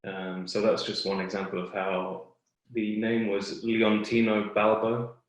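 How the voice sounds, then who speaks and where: Low-voiced man in a very echoey room. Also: flat delivery, measured pace. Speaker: webinar guest expert. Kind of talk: explaining to a webinar audience.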